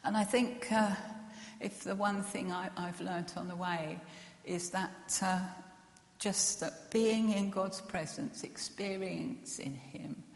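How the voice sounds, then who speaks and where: A woman gives a gentle, earnest personal testimony, pausing often with fillers and soft laughs. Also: medium pitch, fairly even intonation, gravelly. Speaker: speaker sharing a personal testimony. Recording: echoey hall with long reverb.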